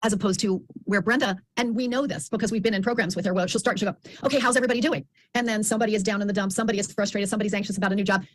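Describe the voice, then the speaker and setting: A woman on a video call, telling stories about her group program with lively, acted-out quotes. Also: medium pitch, racing, hardly any pauses. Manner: animated storyteller who acts out others' voices. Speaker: program participant.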